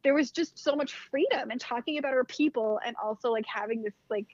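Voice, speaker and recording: A woman, fairly high-voiced, tells a personal story in relaxed conversation. She speaks animatedly, peppers her sentences with "like" and slips into the voices of the people she quotes. The sound is dry and close, with a dull, lo-fi band. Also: a little fast, no echo. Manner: animated, acts out quoted dialogue, heavy use of "like". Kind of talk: casual storytelling chat.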